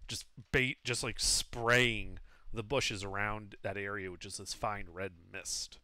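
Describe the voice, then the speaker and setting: A man's voice: fairly low pitch, steady tone, slow, sharp tone, no room sound. A man narrating as game master of a tabletop game, talking casually and explaining rules with fillers.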